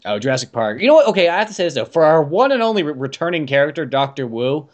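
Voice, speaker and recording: Casual male podcast host with a fairly high voice, loose and profane, wanders through his points. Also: big pitch swings, rapid-fire. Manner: rambling, profane and joking. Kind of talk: casual chat.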